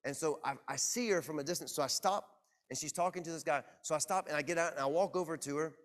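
A man preaching to his congregation, telling a personal story in a lively, self-mocking way. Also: on the high side, fast. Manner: animated, self-deprecating storyteller. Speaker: pastor. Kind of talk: sermon storytelling. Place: church.

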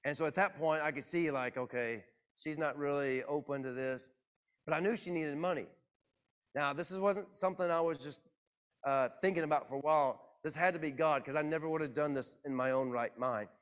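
A man preaching to his congregation, telling a personal story in a lively, self-mocking way. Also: on the high side, brisk, clean tone. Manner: animated, self-deprecating storyteller. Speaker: pastor. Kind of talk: sermon storytelling. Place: church.

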